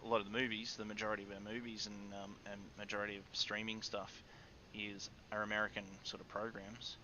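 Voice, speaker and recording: Bright-voiced Australian man chatting. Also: on the low side, level tone, fast, dull audio, slight background noise. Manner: rambling, restarts often, chuckles between thoughts. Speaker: co-host. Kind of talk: casual livestream chat. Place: studio.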